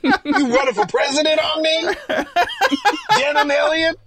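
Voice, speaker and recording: A man putting on a shrill, brash Mother Nature. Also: little pitch movement, a little slow, heavy background noise. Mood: scolding, mocking. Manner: sarcastic, mock-praising. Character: brash loud Mother Nature, woman, scolding. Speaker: caller.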